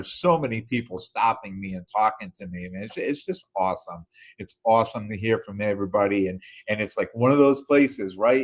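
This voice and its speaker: Man, middle-aged, podcast host, casual recap, rambling, lots of fillers, lowish voice. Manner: rambling, many fillers and restarts.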